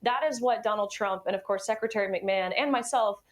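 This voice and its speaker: A woman's voice: medium pitch, brisk. Upbeat woman as TV interview guest. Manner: upbeat and assured, with filler "uh".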